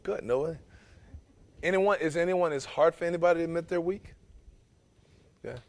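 A man's voice: on the high side, normal speed. A man pastor preaching a sermon, emphatic and full of rhetorical questions to the congregation.

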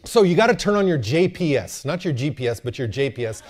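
A man preaching a sermon to his church, animated and joking, often asking the crowd for an amen. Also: fairly high pitch, fast. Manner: animated, joking, calls for amens. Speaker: pastor.

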